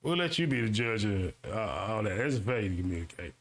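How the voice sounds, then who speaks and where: A man hosting a casual streamed commentary show, reading a web page aloud slowly and then breaking into quick asides to his audience, often repeating lines for emphasis. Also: lowish voice. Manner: animated, swings between slow read-aloud and quick asides. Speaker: show host.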